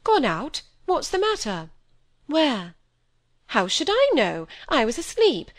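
A woman voicing a fretful, self-absorbed middle-aged stepmother in an audiobook, speaking high and complaining. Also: huge pitch swings, slow, heavily acted.

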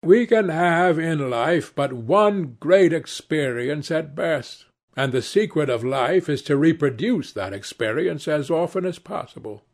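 A man's voice: a little high, expressive, unhurried, few pauses, pitched above the performer's own voice. A man reading aloud and voicing a worldly, epigrammatic aristocrat who speaks in languid paradoxes.

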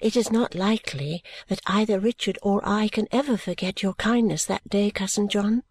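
A man reading the part of a gentle, trusting young woman in an audiobook, in his own voice, soft and earnest. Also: sits high, moderate pace. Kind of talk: audiobook reading of a classic novel.

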